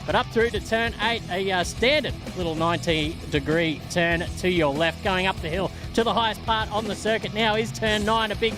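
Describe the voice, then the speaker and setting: High-voiced race commentator over music. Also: male voice, fairly even intonation, normal speed, few pauses. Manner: upbeat, rattles off track details. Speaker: sim racing commentator. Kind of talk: play-by-play commentary. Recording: music playing underneath. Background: background music.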